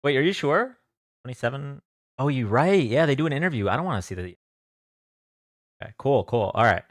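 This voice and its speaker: A man's voice: medium pitch, lively intonation, fairly quick, no room sound, clean studio sound. A young man hosting a live stream from home, chatting casually and greeting viewers by name in a loose, joking way. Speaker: livestream host.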